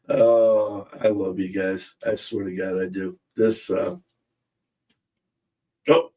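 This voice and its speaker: A man's voice: low-pitched, steady tone, very slow, pauses often, mellow, recorded from a distance, dull audio. A man hosting a casual livestream, joking and rambling as he reads out viewer comments. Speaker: livestream host. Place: in a car.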